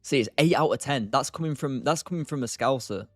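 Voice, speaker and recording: A man's voice: mid-range voice, fairly quick, no echo, faint music behind. A young man from England hosting a live trading stream, chatting casually, answering chat by name and laughing often. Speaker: livestream day trader host.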